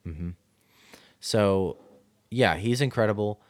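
Deep-voiced man chatting about a movie. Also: dry recording. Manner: halting, many fillers and restarts. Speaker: podcast co-host. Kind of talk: casual film discussion.

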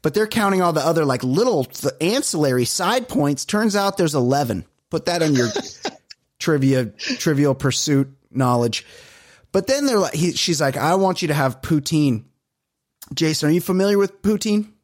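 A man co-hosting a podcast in casual chat, ranting in an animated way and swearing often. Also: a little high, normal speed, no echo, clean studio sound. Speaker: podcast co-host.

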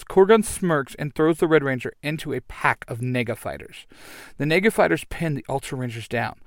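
A man narrating an action adventure story in a lively, animated reading. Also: medium pitch, moderate pace, no echo, clean studio sound.

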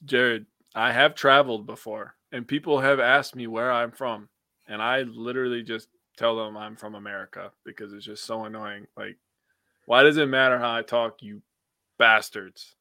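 A man's voice: mid-range voice, fairly even intonation, normal speed, sharp tone, dry recording. A young man from Wisconsin co-hosting a sports podcast, talking bluntly and opinionatedly, with some swearing. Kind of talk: casual chat.

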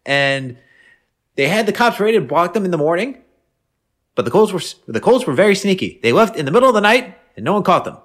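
A man's voice: high-pitched, sing-song, quick pace, fairly bright tone, heavily acted. A man putting on the voice of a folksy old-timer telling a tall tale with exaggerated, rising inflection.

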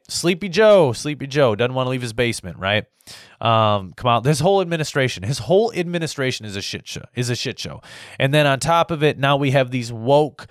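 A man's voice: mid-range voice, no room sound, clean studio sound. A man from the United States delivering an angry, profane political rant that keeps circling back on itself. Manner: profane, repetitive, heated.

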